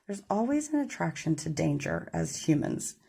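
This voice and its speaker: A woman's voice: sits low, very animated, normal speed, creaky, mellow, breathy edge. A woman giving a casual tarot reading to her camera, chatty and rambling, apologizing when she gets tongue-tied. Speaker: tarot reader. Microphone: camera mic.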